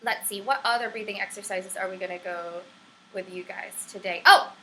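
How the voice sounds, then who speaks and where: A woman's voice: medium pitch, normal speed, pushed and bright, rough recording. A young woman at home teaching a casual online singing lesson, chatty, encouraging and prone to tangents. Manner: upbeat and encouraging. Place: at home on camera.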